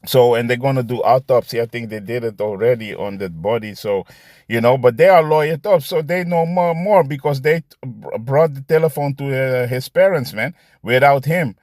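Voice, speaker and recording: Man, mid-pitched, casual street-preacher delivery, repeats "you see", laughs between points, dry close sound. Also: normal speed, darkish tone, no room sound. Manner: repetitive, ends phrases with "man" and "you see". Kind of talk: casual preaching with scripture readings.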